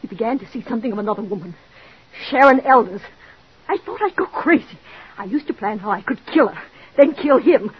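A woman's voice: on the high side, lively intonation, a little fast, slightly rough. A woman playing a desperate, jealous married woman in an old radio drama, pleading and overwrought, on a dull old recording. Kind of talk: 1940s radio drama acting.

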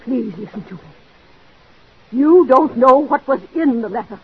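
A desperate jealous wife. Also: female voice, sits high, expressive, unhurried, husky, full character voice. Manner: pleading, overwrought, breathless. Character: desperate jealous married woman, Mrs. Bradley. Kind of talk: 1940s radio drama acting. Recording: dull old radio recording.

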